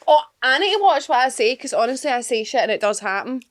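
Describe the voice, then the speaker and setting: A woman's voice: high voice, very animated, brisk. A young woman, co-hosting a podcast and telling a story in casual chat, laughing often. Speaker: podcast co-host.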